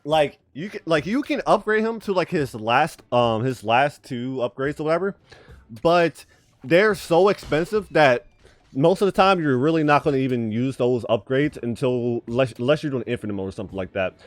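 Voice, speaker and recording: Dude rambling thru a game showcase, mid pitch, kinda spitty w a retainer in, cusses a lot. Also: male voice, lively intonation, moderate pace, no room sound. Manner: rambling, profane, says bro a lot. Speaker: gaming YouTuber. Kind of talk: casual gameplay commentary.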